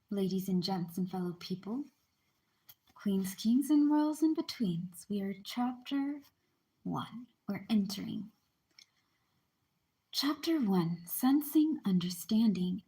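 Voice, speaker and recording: Mellow-voiced woman reading aloud casually. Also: medium pitch. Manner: informal, breaks off to explain and apologize. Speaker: channel host reading a book aloud. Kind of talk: casual read-aloud with chatty asides.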